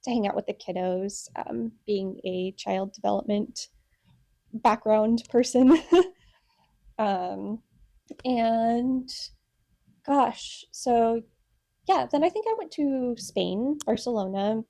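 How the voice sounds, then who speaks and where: A woman's voice: a little high, slow, gravelly, warm tone, dry recording, clean studio sound. A woman in her twenties co-hosting a podcast at home, rambling casually with lots of "like" and laughter. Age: 20s. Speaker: podcast co-host. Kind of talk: casual chat. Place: home room. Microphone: podcast mic.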